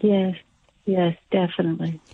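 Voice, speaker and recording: A woman's voice: fairly low pitch, level tone, moderate pace, creaky. A woman calling in to a radio show, speaking hesitantly with many fillers. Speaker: caller. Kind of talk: phone-in chat. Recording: dry tinny phone line.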